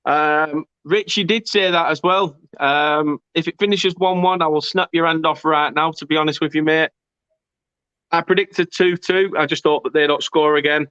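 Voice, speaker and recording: A man's voice: a little high, steady tone, moderate pace, fairly bright tone, smooth, dry recording. A man hosting a football fan watchalong, chatting casually, reading out viewer comments and laughing often. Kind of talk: casual match commentary chat. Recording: dry, dull lo-fi sound.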